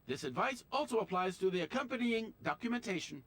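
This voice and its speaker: A man's voice: high-pitched, animated, quick pace, fairly bright tone. An actor playing a formal, officious male automaton notary clerk in a video game. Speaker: game character.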